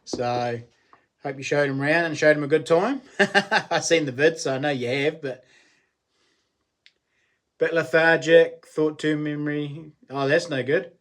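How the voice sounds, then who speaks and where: A middle-aged man with a New Zealand accent chats casually as a live-stream host, his voice sitting a little high for a man. He is friendly and matey, greeting viewers by name and laughing often as he talks. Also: measured pace, pauses often, fairly bright tone. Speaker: livestream host.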